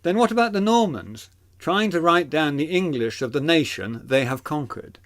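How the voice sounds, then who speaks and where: Man, teacher, fairly high voice, animated pitch, deliberate clear explaining. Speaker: literature teacher. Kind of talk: explanatory video lesson.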